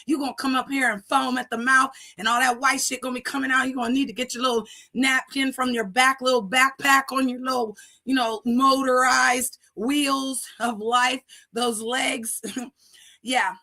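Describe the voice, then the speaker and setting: Bright, brash scolding woman streamer. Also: high voice, steady tone, moderate pace. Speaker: streamer and commentator. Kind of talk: live-stream commentary rant.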